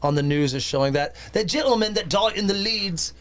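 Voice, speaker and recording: A man co-hosting a podcast, recapping a movie in a casual, halting way, often restarting his phrases. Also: high voice, expressive, fairly bright tone, a little hiss or hum. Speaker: podcast co-host.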